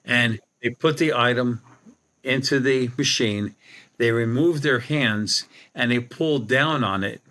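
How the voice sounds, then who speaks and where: Older new guy rambling through a story, bright forceful voice, lots of restarts. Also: mid-range voice, slow. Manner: rambling, anecdotal, many restarts. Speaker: guest, psychic medium. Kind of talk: storytelling in a podcast interview.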